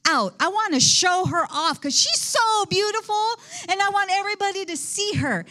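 Woman puts on excited boastful king, raised voice, sermon retelling. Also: very high-pitched, moderate pace, pitched above the performer's own voice, heavily acted.

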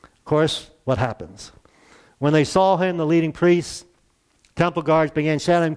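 Male preacher, higher-pitched, conversational sermon with voiced quotes. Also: unhurried, long pauses, a little mellow, smooth.

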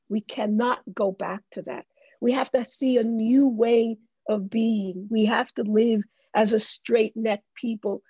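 A woman from the Bronx, speaking as a guest in an interview with a preaching cadence, slowing into emphatic drawn-out phrases. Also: on the high side, darkish tone, husky, no echo. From the Bronx, New York. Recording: dull lo-fi dry sound.

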